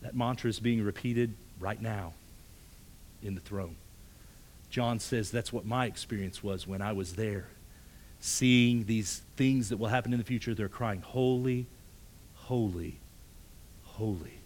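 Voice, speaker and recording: A male pastor preaching a sermon, emphatic, often repeating words, moving between strong raised passages and hushed near-whispered lines. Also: lowish voice, fairly even intonation, a little slow, slight background noise. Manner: emphatic, rising to forceful peaks then dropping to hushed near-whispers; repeats words when stressing a point.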